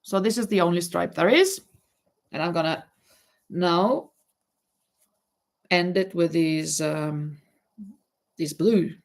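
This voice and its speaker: A woman with a fairly low voice chats to her viewers during a knitting livestream. She talks slowly and rambles, stopping to restart words and wandering between thoughts as she works. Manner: chatty, addresses viewers directly. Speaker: livestream host. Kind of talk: casual livestream chat while knitting.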